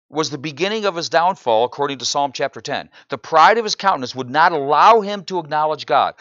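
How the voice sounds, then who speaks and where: Man, pastor, church sermon, lively swinging pitch, frequent "right?" asides, dull muffled sound. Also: a little fast, few pauses, no echo. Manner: animated preaching, frequent "right?" asides to the congregation; builds to loud, incredulous exclamations.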